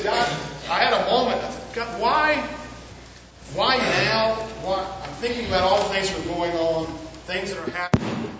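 A man preaching a sermon as pastor, earnest and unhurried with long pauses, in a church. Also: sits high, background noise. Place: church sanctuary. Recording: echoey, muffled church recording from far off.

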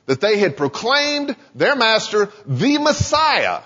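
Guy preaching, kinda high husky voice, long echo, muffled lo-fi sound. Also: slow pace. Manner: conversational preaching, animated. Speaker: pastor. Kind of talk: sermon. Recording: dull lo-fi sound in a reverberant hall.

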